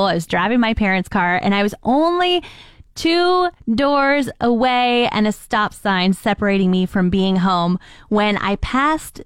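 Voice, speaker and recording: A woman radio host telling everyday stories in a casual, animated monologue, acting out the quoted exchanges. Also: mid-range voice, dry recording, clean studio sound. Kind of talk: chatty monologue with listener call-outs.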